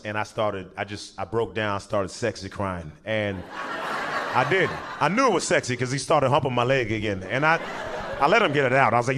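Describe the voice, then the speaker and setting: A young adult man telling a story in stand-up style, animated and often laughing at his own jokes. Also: medium pitch, fairly quick, background noise. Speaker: stand-up comedian.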